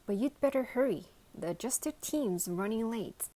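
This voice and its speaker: A woman's voice: a little high, expressive, normal speed, warm tone, voice pushed up. A woman voicing a kindly, folksy old sheriff in a storybook reading, with a homely drawl.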